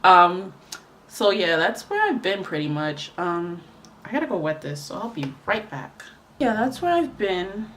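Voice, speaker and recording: A woman's voice: lowish voice, animated, measured pace, fairly bright tone, slight background noise. A young woman telling a rambling story in casual chat while doing her makeup, with lots of fillers. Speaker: beauty vlogger.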